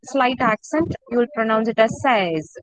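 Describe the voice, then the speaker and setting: A woman teaching an online class, slowly repeating each word for her students. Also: on the high side, lively intonation, slight background noise, low-quality recording. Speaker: French teacher.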